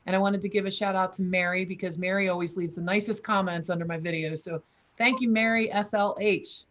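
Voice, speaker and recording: A woman hosts a relaxed group chat over a video call, chatty and welcoming as she greets listeners. Her voice sits at an ordinary middle pitch. The sound is a bit dull and lo-fi, like typical call audio. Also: brisk. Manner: chatty, welcoming, gives shout-outs. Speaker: host.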